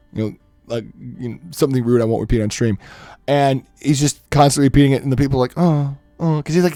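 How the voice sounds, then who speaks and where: On a live stream, a young man with a medium-pitched voice chats casually and animatedly, laughing often and breaking into quick impressions.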